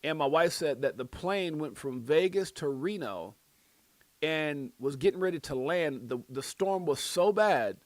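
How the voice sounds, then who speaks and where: A man hosting a crypto livestream in casual chat, loudly shouting out viewers in a slangy, animated way. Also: fairly high pitch, measured pace, no echo. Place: Las Vegas.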